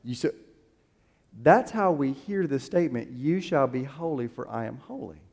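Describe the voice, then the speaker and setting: A man's voice: mid-range voice, lively intonation, moderate pace, creaky, a little mellow, husky, big-room sound. A male pastor preaching a sermon, emphatic and building to a strong crescendo, with a few restarts and fillers as he finds the verses.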